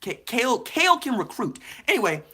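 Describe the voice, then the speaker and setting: A young man hosting a live-stream sports podcast, laughing often and rattling off quick shout-outs to viewers. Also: extremely high pitch, breathy edge. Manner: animated, laughs a lot, rapid shout-outs to chat. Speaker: podcast host.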